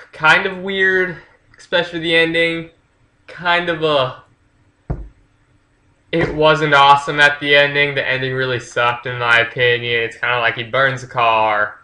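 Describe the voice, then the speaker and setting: A man with a very bright, sharp voice reviewing a book for his vlog in an offhand way. He is slangy and freely profane, and scatters fillers through his sentences. His pitch sits in an ordinary middle range for a man. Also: reverberant. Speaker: channel host.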